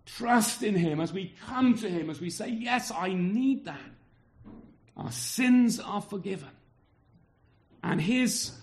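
In a fairly high voice, a man preaches a sermon with earnest emphasis, repeating words as he drives each point home. Some of what he says is directed at the children in the congregation.

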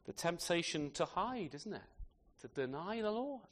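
Male preacher, slightly high voice, conversational sermon full of rhetorical questions. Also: very animated, normal speed, fairly bright tone.

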